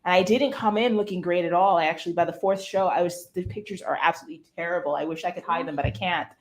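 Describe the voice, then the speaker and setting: A woman being interviewed as a guest, telling her story in a lively, expressive, conversational way. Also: lowish voice, fast talker.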